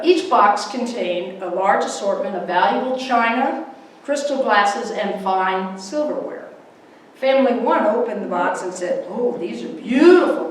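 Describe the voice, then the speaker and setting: A woman gives a Sunday talk in a church, lively and anecdotal, putting on voices for the people in her stories. Her voice is picked up from some way off in a very reverberant sanctuary. A faint hum of the room sits behind her. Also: mid-range voice. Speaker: guest speaker. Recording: echoey hall, mic from far off.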